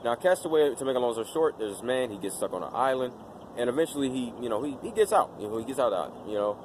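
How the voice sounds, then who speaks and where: A man's voice: medium pitch, expressive, fast talker, noisy background. A man vlogging in casual talk to his camera, rambling with lots of fillers and restarts. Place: outdoors in daylight.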